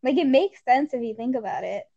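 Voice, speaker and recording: Young woman co-host, high voice, loose rambly chat full of "like", muffled lo-fi sound. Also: animated, a little fast, gravelly, mellow. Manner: rambling, fond of "like", laughs often. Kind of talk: casual chat.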